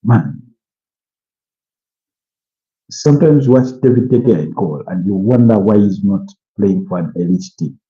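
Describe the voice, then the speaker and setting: Pausing often at a measured pace, a man from Uganda with a fairly low, dark voice and lively intonation hosts a football watch-along. He is tired and yawning, rambling through casual live commentary and opinion with lots of "you know," all in muffled lo-fi stream audio.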